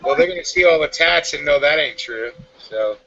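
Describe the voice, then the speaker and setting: An easygoing man chatting on a podcast, his voice bright and a bit higher than average. The audio is dull, with faint room noise behind him. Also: lively intonation, moderate pace. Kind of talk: casual chat.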